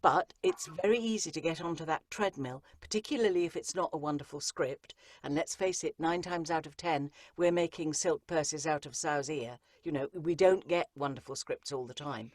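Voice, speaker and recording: With a low voice and hardly any pauses, this woman speaks at normal speed about her work as an audiobook narrator and coach. It's an interview, and she's emphatic, repeating phrases for effect; the recording is dry and studio quality.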